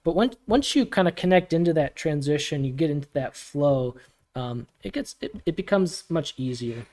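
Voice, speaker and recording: A man hosting a community livestream Q&A, casual and relaxed, laughing often as he answers questions from chat. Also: on the high side, normal speed. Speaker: community AMA host.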